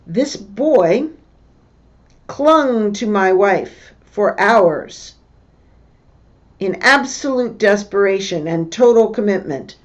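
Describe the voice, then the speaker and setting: A woman teacher reading a book passage aloud and stopping to explain what words mean, in a slow, deliberate way. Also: medium pitch, expressive, muffled recording. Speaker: English teacher.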